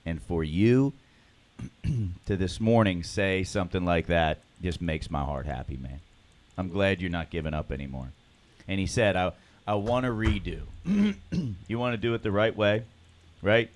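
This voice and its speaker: A man leading a morning recovery group, talking earnestly and emotionally and clearing his throat often. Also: low-pitched, animated, normal speed. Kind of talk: motivational group talk.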